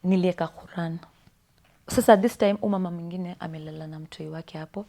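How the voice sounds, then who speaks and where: Young Kenyan woman guest, lowish voice, confiding story, slips into whispers. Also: fairly even intonation, moderate pace, warm tone. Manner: often drops to a breathy whisper, switches between English and Swahili slang. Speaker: podcast guest. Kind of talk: personal storytelling. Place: podcast studio.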